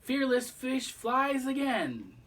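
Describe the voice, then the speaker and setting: A man voicing a boastful daredevil female fish in a children's story, with a raised, loud voice. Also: sing-song, slow pace, distant mic, full character voice. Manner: brash, high and loud.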